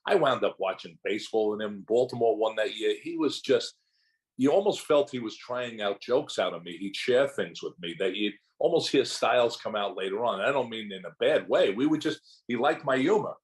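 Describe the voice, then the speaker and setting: A man's voice: fairly low pitch, moderate pace, low-quality recording. Older man telling showbiz stories. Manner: animated anecdotes, acting out quotes from others. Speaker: actor and interview guest. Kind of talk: storytelling in a casual interview.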